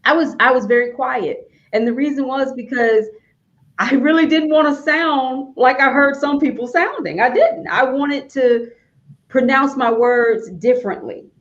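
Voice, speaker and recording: Southern woman hosting, dull lo-fi audio. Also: a little slow. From Alabama, US. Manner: chatty, emphatic, rising to high exclamations. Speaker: host, author. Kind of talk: casual interview chat. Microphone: video call.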